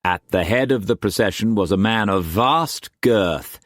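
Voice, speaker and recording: A deep-voiced man reads a novel aloud in a slow, measured way. His delivery moves widely and dramatically, in a dry, close recording. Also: animated, fairly bright tone, dry recording. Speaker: audiobook narrator. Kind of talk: scripted novel narration.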